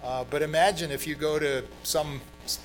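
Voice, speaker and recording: A man's voice: on the high side, steady tone, moderate pace, faint music behind, poor audio. A middle-aged man who grew up in Brazil, preaching a sermon in a conversational way, with fillers and emphatic stresses. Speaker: pastor.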